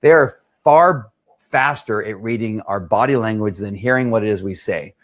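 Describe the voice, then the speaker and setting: Chatty low-voiced middle-aged dog trainer. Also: male voice, normal speed. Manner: chatty, keeps asking "right?". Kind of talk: casual live Q&A talk.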